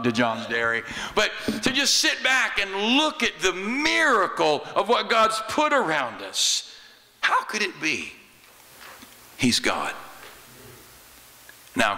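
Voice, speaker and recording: Bright-voiced American pastor, folksy sermon. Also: male voice, medium pitch, in a large hall. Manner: folksy, humorous, conversational. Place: church sanctuary.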